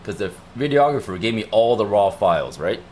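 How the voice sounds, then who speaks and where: Man, young adult, lowish voice, chatty, repetitive, casual livestream talk. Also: animated, fairly quick, darkish tone, slight background noise. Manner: chatty, rambling, repeats himself. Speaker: livestream host.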